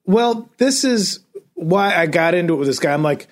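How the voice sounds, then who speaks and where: A man's voice: high-pitched, lively intonation, normal speed. A man on a podcast, a comedian ranting and swearing in exasperated casual chat. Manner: self-described comedian. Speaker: podcast co-host.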